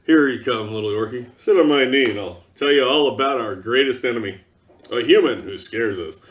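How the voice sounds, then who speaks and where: A man voicing a gentle, grandfatherly male orc who coaxes a little one in a soft storytelling manner. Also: medium pitch, brisk, voice pushed down, natural voice. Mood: coaxing.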